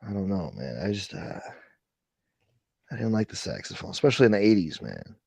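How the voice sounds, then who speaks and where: A man's voice: fairly low pitch, very animated, fairly quick, vocal fry, darkish tone, husky, no room sound. A man hosting a casual late-night livestream chat, rambling and swearing as he reads and answers viewer comments. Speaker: livestream host.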